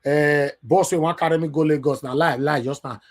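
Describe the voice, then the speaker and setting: A man with a Nigerian Pidgin English accent hosting an online call-in show, lecturing in a preachy way that rises to loud emphatic bursts. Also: a little high, fairly even intonation, brisk. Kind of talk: impassioned live talk show.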